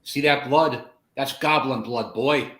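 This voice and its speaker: A man's voice: mid-range voice, slow pace, a bit bright, echoey room, pitched above the performer's own voice. A man voicing a hot-headed young farmer with a sword who blusters in defense of his people. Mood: threatening.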